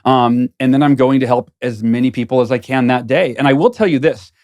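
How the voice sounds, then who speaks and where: Brief: earnest male guest, reflective and thinking aloud, mid-pitched, studio interview. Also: fairly quick, darkish tone. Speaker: guest author. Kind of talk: casual interview conversation.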